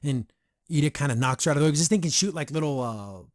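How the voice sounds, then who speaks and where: A man hosting a podcast, giving a casual episode review in a rambling, excitable way full of fillers. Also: fairly high pitch, fast, no echo, clean studio sound. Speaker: podcast host.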